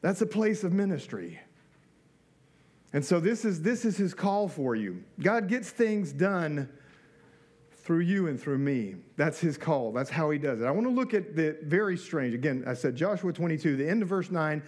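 This pastor's voice is fairly high-pitched and darkish, with a sing-song lilt at a normal speed. He delivers his sermon conversationally and frequently asks the audience questions.

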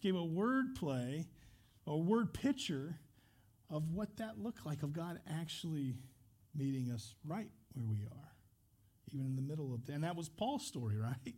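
A man's voice: on the high side, lively intonation, measured pace, a little mellow, breathy edge. A man pastor leading a church service, telling a story and praying in an earnest, conversational way with restarts. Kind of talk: church service talk and prayer.

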